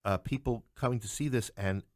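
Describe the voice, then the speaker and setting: A man's voice: medium pitch, fairly quick, a little mellow, dry recording, clean studio sound. An American man, a playwright, telling stories in a casual interview and acting out the people he quotes. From New York. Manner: chatty storyteller who acts out quoted voices. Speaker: playwright and theater producer.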